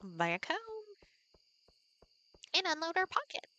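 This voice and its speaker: In a muffled recording, a woman with a high, sing-song, sharp-toned voice speaks slowly while live streaming a farming game. She chats casually with viewers, talks through her thinking and says hello to people in the chat.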